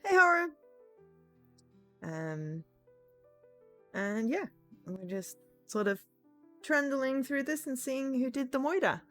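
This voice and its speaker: A woman's voice: high voice, slow pace, pauses often, faint music behind. A woman streamer giving casual game commentary, chatty and giggly.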